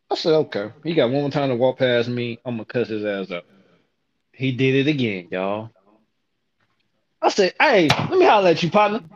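A man's voice: a little high, dull audio. A man telling a story in a casual way, brash and full of profanity.

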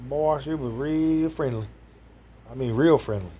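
A man's voice: medium pitch, unhurried, mellow, slight background noise. A man telling a rambling personal anecdote to an audience, chatty and meandering, breaking into exclamations and chuckles. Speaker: storyteller.

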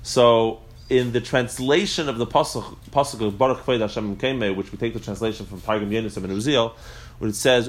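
A man's voice: medium pitch, fairly quick. Man teaching a live religious class. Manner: thinks aloud, with frequent restarts and filler. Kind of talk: live explanatory lesson to a group.

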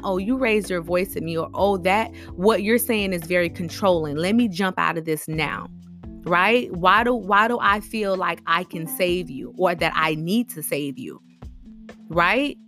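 A woman giving relationship advice in a casual, animated monologue, full of rhetorical questions and informal, slangy speech. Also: on the low side, unhurried, faint music behind.

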